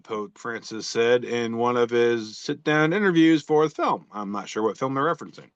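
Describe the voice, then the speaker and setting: A man's voice: medium pitch, normal speed, few pauses, smooth, no echo, muffled recording. A man co-hosting a casual podcast, reading out social media posts with a joking, rambling delivery and lots of fillers. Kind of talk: casual chat.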